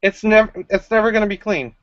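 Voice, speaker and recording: A man's voice: high voice, fast, a bit bright, dry recording. A man hosting a casual chat stream, joking and laughing often. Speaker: stream host. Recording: dry, dull lo-fi mic.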